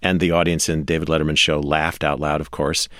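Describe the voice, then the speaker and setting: A man as a radio interview guest, telling show-business history in a measured way with fillers. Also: extremely low pitch, little pitch movement, fairly bright tone, no echo, studio quality.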